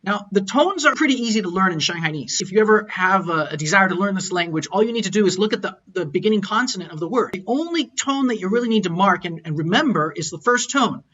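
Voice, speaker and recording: A man's voice: high-pitched, expressive, fast talker, hardly any pauses, sharp tone, highs cut off. A man teaching a recorded lecture, explaining and repeating words as he models tones aloud. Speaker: language teacher.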